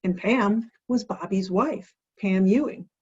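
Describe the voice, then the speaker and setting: On dull audio, an American woman speaks slowly in a medium-pitched, darkish voice with a breathy edge. She hosts a home cocktail vlog, chatty and playful, posing questions and answering them herself.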